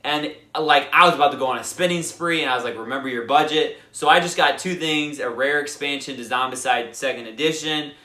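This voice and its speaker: A young man hosting a board game channel, telling a lively casual recap full of fillers and acted-out quotes. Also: medium pitch, brisk, hardly any pauses. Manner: animated, lots of fillers, acts out quotes. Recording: echoey room.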